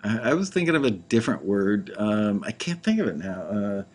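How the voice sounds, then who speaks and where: A man's voice: lowish voice, sing-song, normal speed, a little mellow. A man hosting a casual talk show, reviewing songs in a rambling, playful way with frequent restarts. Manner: rambling, self-interrupting, playful. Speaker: host reviewing music tracks. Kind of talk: casual chat.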